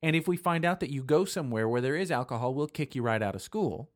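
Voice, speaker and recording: A man's voice: mid-range voice, expressive, fast. A man in his forties co-hosting a casual conversation, wry and teasing, piling up rhetorical questions with frequent restarts. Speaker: podcast co-host.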